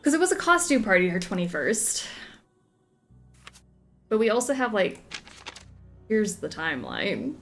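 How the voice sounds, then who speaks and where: A woman's voice: medium pitch, huge pitch swings, measured pace, creaky, long pauses, soft background music. A young woman chatting through a video game playthrough, giggly and second-guessing herself. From Southern United States. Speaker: game streamer. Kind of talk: casual let's-play commentary.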